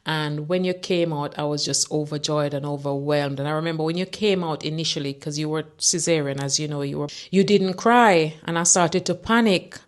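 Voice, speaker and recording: A woman's voice: sits low, brisk, few pauses. A woman in her fifties from Jamaica, chatting casually as a mother answering questions and telling stories with emphatic energy. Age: 50s. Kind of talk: casual chat.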